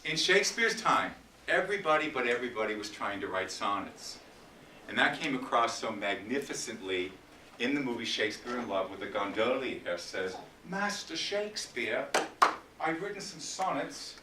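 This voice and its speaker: A man giving a library lecture on poetry, reciting sonnets slowly and dramatically between chatty asides. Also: lowish voice, lively intonation, bright, forceful tone. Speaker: literature lecturer. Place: library meeting room. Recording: roomy, distant, faint hiss.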